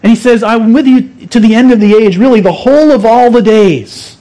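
A pastor with a notably high voice preaches a sermon, teaching earnestly and emphatically and repeating key phrases to drive his points home. His delivery is brisk, with a warm tone.

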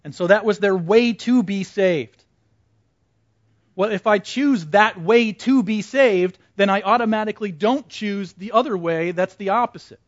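A man leads a Bible class in a relaxed, conversational way, asking the group questions and echoing back what they answer. His voice sits fairly high. The recording is dull and muffled, with a dry, close sound. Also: measured pace. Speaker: Bible study teacher. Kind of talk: interactive Bible class teaching.

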